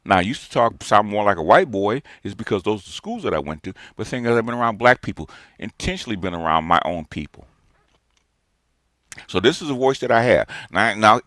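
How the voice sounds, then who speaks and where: A man's voice: on the low side, animated, a little fast, a bit bright, no room sound, studio quality. A man in his sixties gives a ranting, lecturing response monologue as a streamer, emphatic and repeating his points. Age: 60s.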